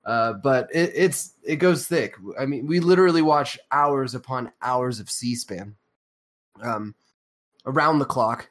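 A man's voice: medium pitch, unhurried, a bit bright. A man co-hosting a podcast in casual, profane chat, rambling with many fillers and a sarcastic edge. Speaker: podcast co-host.

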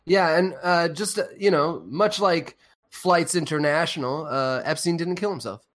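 Man, podcast co-host, slightly high voice, rambling, sarcastic, swears a lot. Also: moderate pace, fairly bright tone. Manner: rambling, filler-heavy, sarcastic. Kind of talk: casual profane chat.

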